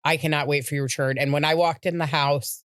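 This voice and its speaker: A woman's voice: deep voice, steady tone, no echo, clean studio sound. Heartfelt woman telling a family story. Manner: halting, heartfelt, many restarts. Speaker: podcast co-host. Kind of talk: casual personal storytelling.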